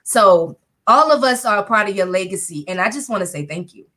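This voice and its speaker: A woman's voice: medium pitch, expressive, fairly quick, bright, forceful tone. A woman in her thirties hosting a casual chat on a video call, effusive and emotional, with slangy talk. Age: 30s. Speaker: host.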